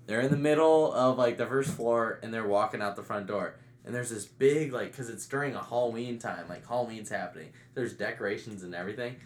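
A man telling a funny story in casual chat, breaking into loud shouted impressions. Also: mid-range voice, brisk. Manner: animated, loud shouted impressions of his dad's friends. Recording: echoey room.

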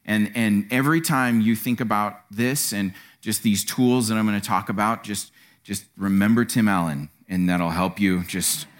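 A man preaching a sermon in a church, animated and acting out quotes. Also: normal speed. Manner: animated, acts out quotes with sudden pitch jumps. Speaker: pastor.

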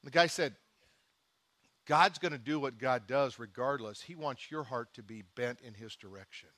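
A middle-aged man preaching a sermon as pastor, shifting between quiet, intimate asides and emphatic, animated bursts. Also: mid-range voice, moderate pace.

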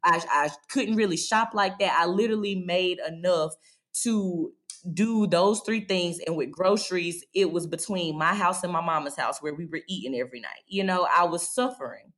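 A woman's voice: lowish voice, normal speed, fairly bright tone. A woman in her thirties, a podcast guest, telling her own story in a candid, heartfelt way with frequent fillers. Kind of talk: personal storytelling.

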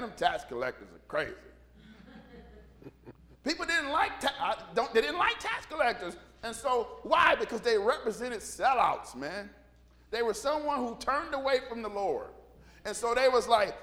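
A man's voice: very high voice, a bit bright. A man preaching a sermon, retelling Bible stories in casual slang and acting out the people in them. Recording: long reverb from a hall.

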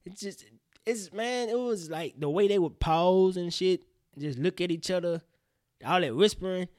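A man hosting a casual solo podcast, rambling in slang with profane, animated outbursts. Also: high voice, normal speed, dry recording, studio quality. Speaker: podcast host.

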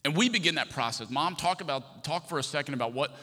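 Guy preaching, bright forceful voice, really animated, long echo like a big church hall. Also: fairly high pitch, fast talker. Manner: impassioned, animated retelling with sudden loud outbursts. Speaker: pastor. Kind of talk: sermon storytelling.

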